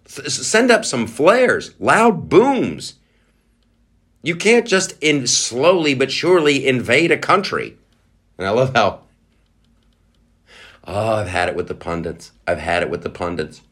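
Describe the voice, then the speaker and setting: Very animated, this man speaks at a moderate pace in a lowish voice with a fairly bright tone. He hosts a podcast, launching a sarcastic, foul-mouthed political rant and imitating others in mocking voices.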